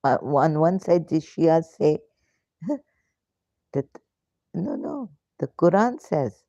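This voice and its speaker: On dull lo-fi stream audio with no echo, an ex-Muslim woman hosts a live question-and-answer talk in a low, dark voice at a slow pace. She speaks with emphasis and indignation, heaping up rhetorical questions full of hesitant fillers and broken grammar.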